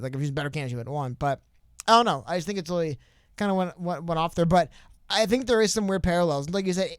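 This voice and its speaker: A man co-hosting a casual political podcast, talking in a rambling, animated way with many asides and restarts. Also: high-pitched, clear, resonant tone, no echo, studio quality. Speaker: podcast co-host.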